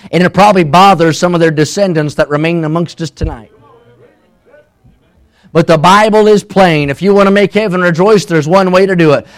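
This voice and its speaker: A man preaching a sermon, swinging from shouts to hushed storytelling. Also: on the high side.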